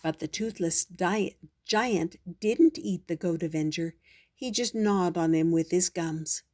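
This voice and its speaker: An older woman, a grandmother, reading a children's storybook aloud in a slow, gentle way. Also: on the low side.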